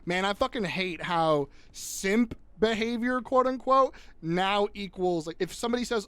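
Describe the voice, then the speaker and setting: A young man live-streaming a game, chatting casually with viewers in a profane, animated way, ranting and restarting his sentences. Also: high-pitched, measured pace, smooth, no room sound. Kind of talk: casual live-stream chat while gaming.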